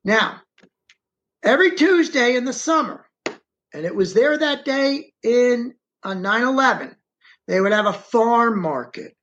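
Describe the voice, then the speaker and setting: A man's voice: extremely high pitch, animated, a little slow, a bit bright, slight background noise. A middle-aged man, an interview guest, telling a first-person story in a rambling, repetitive way and often slipping into the present tense. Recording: dull, muffled audio.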